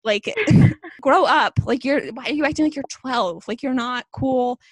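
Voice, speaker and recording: A woman's voice: on the high side, normal speed, dry recording, rough recording. A young woman co-hosting a podcast, ranting in a fired-up, casual way, full of "like.". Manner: fired-up, ranting, heavy use of "like". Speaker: podcast co-host.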